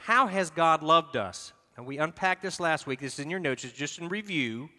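The pastor's voice sits on the high side, pushed and bright, moving at a moderate pace with few pauses. Preaching emphatically amid the long reverb of a large church hall, he leads a congregational reading and repeats words while searching for them.

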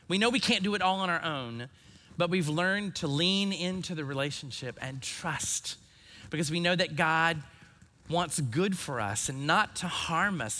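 A man in his forties preaching a sermon, earnest and reflective, letting his phrase ends fall soft. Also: sits high. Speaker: pastor. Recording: long hall reverb.

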